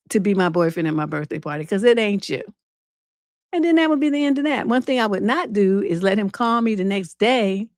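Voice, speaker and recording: A woman's voice: on the high side, no room sound, clean studio sound. A woman relationship coach hosting an unscripted advice livestream, telling stories bluntly and with plenty of profanity. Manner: blunt, profane, animated storytelling.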